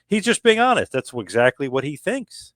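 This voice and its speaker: A man talking casually as a podcast guest about his book, animated and full of restarts and acted-out quotes. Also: medium pitch, normal speed, no room sound, studio quality.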